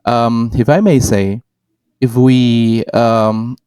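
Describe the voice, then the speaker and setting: Guy co-hosting a learning chat, hesitant, dark mellow voice, dry close sound. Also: medium pitch, steady tone, extremely slow, smooth, dry recording, poor audio. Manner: hesitant, many ums and restarts, models example phrases. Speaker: podcast co-host. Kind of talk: casual educational chat.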